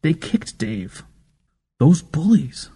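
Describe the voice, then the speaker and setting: A man voicing a timid, grieving small boy who speaks slowly and haltingly in a raised voice. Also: on the high side, sing-song, warm tone, slightly rough, in a large hall, pitched above the performer's own voice, full character voice. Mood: tearful.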